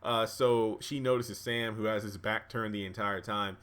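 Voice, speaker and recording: A man casually recapping and reviewing a TV episode, chatty and relaxed, with plenty of fillers. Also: lowish voice, moderate pace, clear, resonant tone. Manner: relaxed, chatty, acts out dialogue with many fillers. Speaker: YouTube TV reviewer.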